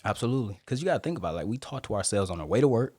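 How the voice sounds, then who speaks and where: A man speaking as a podcast guest in a casual interview, emphatic and preaching, with big swings in pitch and loudness. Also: expressive, rapid-fire, no room sound, studio quality.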